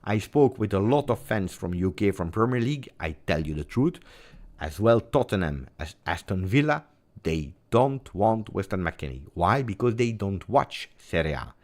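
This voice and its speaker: A man hosting a football vlog, talking in an emphatic, theatrical way that jumps between loud and hushed. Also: lowish voice, sing-song, normal speed. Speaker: football channel host. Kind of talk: animated football commentary vlog.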